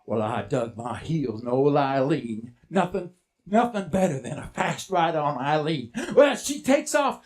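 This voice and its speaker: Playful storyteller, lively voice. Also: male voice, on the high side, a little slow. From Texas. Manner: playful, teasing, animated asides to audience. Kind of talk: live storytelling performance. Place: stage before a live audience.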